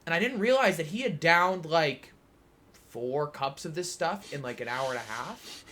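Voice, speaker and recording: Young guy rambling thru a story on a podcast, kinda high voice, says like a lot. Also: expressive, normal speed, sharp tone, slight background noise. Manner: rambling, filler-heavy anecdote telling. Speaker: podcast co-host. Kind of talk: casual storytelling chat.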